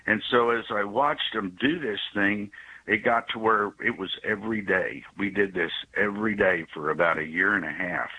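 Older male caller on the phone, bright tense voice, husky edge, halting with lots of restarts. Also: lowish voice, rough recording. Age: 60s. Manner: hesitant, many restarts and fillers. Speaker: radio caller. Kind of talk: call-in storytelling. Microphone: phone call.

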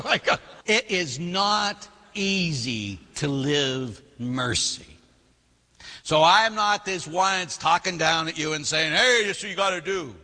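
A man, a priest, preaching a sermon with lively storytelling, acting out quoted voices and laughing at himself. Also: on the high side, long reverb tail.

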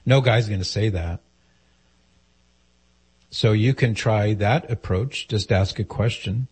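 A man's voice: on the low side, takes it slowly, darkish tone, husky. A man hosting a call-in advice show, speaking directly and earnestly and posing questions to the caller. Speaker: radio advice host.

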